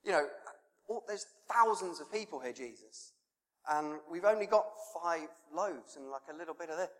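A man's voice: a little high, expressive, moderate pace. A man preaching an informal sermon, conversational and self-deprecating, with lots of rhetorical questions. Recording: long hall reverb.

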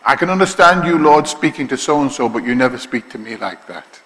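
A man with a Liverpool accent preaching a sermon, moving from quiet conversational asides to loud, slow, drawn-out proclamations. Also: mid-range voice, lively intonation. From Liverpool, England. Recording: long hall reverb.

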